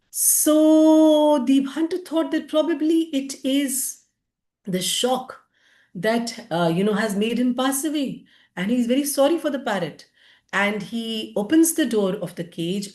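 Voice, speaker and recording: A woman's voice: fairly high pitch, a little mellow. A woman giving a lecture-style book review, often hesitant with fillers and restarts. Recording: roomy echo.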